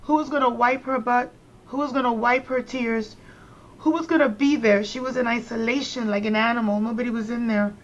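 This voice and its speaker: A middle-aged woman from New York speaks as a podcast guest, retelling family memories with heavy emphasis and repeated phrases. Her voice sits a little high. The recording sounds slightly dull and lo-fi. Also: steady tone, a little fast. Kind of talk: emotional personal storytelling in conversation.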